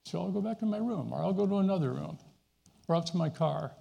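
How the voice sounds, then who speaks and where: A man's voice: high voice, animated, fast, gravelly, dark tone, long reverb tail, muffled recording. A middle-aged man preaching a sermon in an earnest, conversational way, with fillers and restarts. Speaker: pastor.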